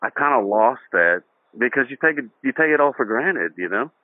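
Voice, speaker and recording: A middle-aged man recounts old memories in a casual interview, lively and chuckling. His voice sits at an ordinary pitch. It comes through thin and phone-like, with no room sound. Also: fairly quick, dry recording. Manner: animated, acts out quoted voices, laughs through his own story. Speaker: guest. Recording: dry, tinny phone-like audio.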